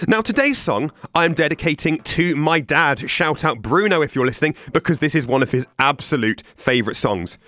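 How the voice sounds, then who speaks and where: A man's voice: a little high, lively intonation, fairly quick, hardly any pauses, sharp tone, dry recording. A man hosting a morning radio show, chatty and upbeat, talking into a studio mic. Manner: chatty and upbeat, self-deprecating. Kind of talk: breakfast radio presenting.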